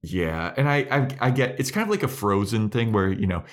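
A young man with a very low voice co-hosts a casual podcast and recaps the plot. He talks in an animated, loose way, swears freely and slips into quick impressions of the characters. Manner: animated, profane, acts out quoted lines. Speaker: podcast co-host.

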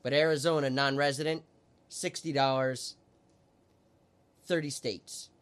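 A man's voice: mid-range voice, steady tone, a little slow, fairly bright tone, clear, resonant tone. A man co-hosting a podcast, reading off facts in a plain, matter-of-fact way. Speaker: podcast co-host. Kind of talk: casual chat.

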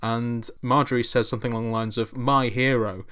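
Male podcast guest, mid-pitched, casual and hesitant, with dry delivery and frequent restarts. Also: flat delivery, fast, a bit bright, clear, resonant tone. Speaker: guest author.

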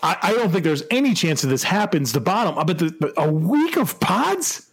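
A man's voice: high-pitched, very animated, normal speed, husky. A man co-hosting a casual sports podcast, chatting about football with frequent laughter and hesitant restarts. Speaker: podcast co-host.

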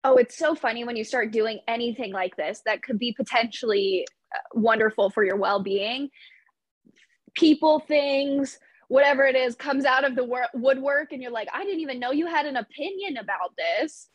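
A woman's voice: a little high, moderate pace, dry recording. A woman hosting a podcast, chatty and laughing often between her points. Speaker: podcast host. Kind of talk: casual podcast chat.

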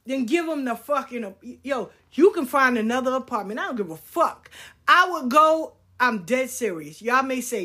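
Woman in her fifties, slightly high voice, blunt, swears freely, casual storytelling. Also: a bit bright, husky. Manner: blunt and profane, acts out quoted people.

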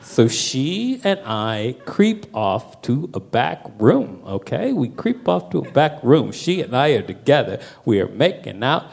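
A young man doing stand-up, telling a wild story with lots of profanity and animated delivery. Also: medium pitch, a little slow, creaky, few pauses. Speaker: stand-up comedian.

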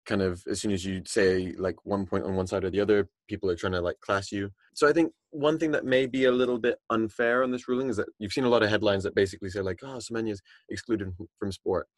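A man's voice: fairly low pitch, quick pace, hardly any pauses, dry recording. A man co-hosting a podcast, thinking aloud in a loose, chatty way, full of restarts. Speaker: podcast co-host. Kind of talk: casual discussion.

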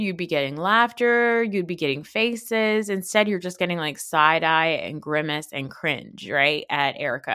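A woman's voice: fairly low pitch, fairly bright tone, no echo, clean studio sound. Snarky, chatty woman podcast host. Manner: chatty, snarky, swears freely, laughs often. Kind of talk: casual commentary on reality TV.

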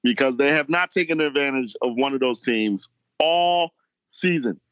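A man co-hosting a sports podcast in casual chat, talking haltingly with many restarts. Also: medium pitch, a bit bright, dry recording, muffled recording. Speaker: podcast co-host.

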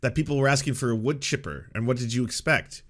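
A man's voice: medium pitch, quick pace, a bit bright. A man hosting a commentary show, reacting to clips in a sarcastic, mocking and profane way.

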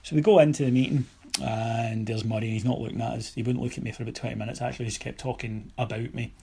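A Scottish man telling stories on a podcast in a casual, animated way, mimicking other people and swearing now and then. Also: medium pitch, fast, vocal fry, breathy edge. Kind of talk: casual anecdotal storytelling.

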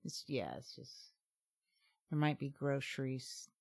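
A woman's voice: a bass voice, animated, a little slow, gravelly, darkish tone, husky. A woman from Southeast Alaska, co-hosting a casual chat podcast, talking chattily and laughing often. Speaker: podcast co-host.

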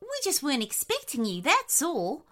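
A woman's voice: sits high, huge pitch swings, normal speed, fairly bright tone, faint music behind, pitched above the performer's own voice, exaggerated voice. A woman voicing a polite, genteel echidna with gracious manners. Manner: courteous, gracious.

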